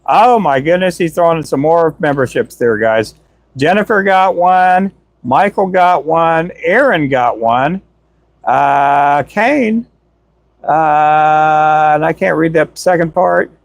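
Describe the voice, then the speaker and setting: A man hosting a live stream, chatting casually and cheerfully through shout-outs, a self-described chatterbox with a voice tired from talking a lot. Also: on the high side, slow, dry recording. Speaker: livestream host. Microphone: Donner microphone.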